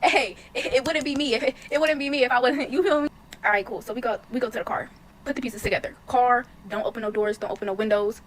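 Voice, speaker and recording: A woman's voice: fairly high pitch, fast talker, poor audio. A young woman telling a story in a slangy, chatty, swaggering way. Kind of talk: casual story time.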